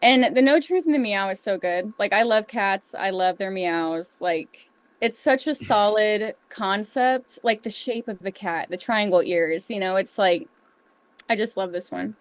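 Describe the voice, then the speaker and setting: A woman co-hosts a casual chat and gushes with enthusiasm. Her voice has an average pitch for a woman. The sound is close and dry. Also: unhurried, smooth, no room sound. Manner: gushing, enthusiastic. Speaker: co-host.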